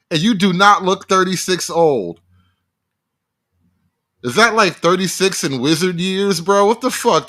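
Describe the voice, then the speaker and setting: A man with a higher-than-average, bright and forceful voice gives live reaction commentary for his viewers. He talks in a profane, mocking way, riffing joke after joke. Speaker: streamer reacting to a video.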